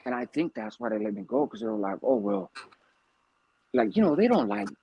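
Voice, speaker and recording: A man telling a story casually, animated and profane with streetwise slang. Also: high-pitched, brisk, gravelly, slightly rough, no room sound, lo-fi sound.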